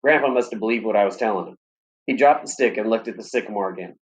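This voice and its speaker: A man reading a story aloud in steady, plain audiobook narration. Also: on the low side, fast talker, muffled recording.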